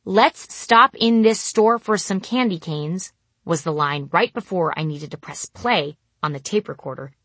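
A woman reads her own memoir aloud, landing wry punchlines with dry timing. Her voice sits fairly low and a little breathy. The recording is close and dry, with no room sound. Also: a bit bright, no echo. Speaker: narrator. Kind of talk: first-person memoir storytelling.

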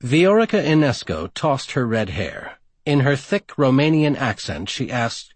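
Husky, animated male audiobook narrator. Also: mid-range voice, unhurried, dry recording. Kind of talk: scripted narration.

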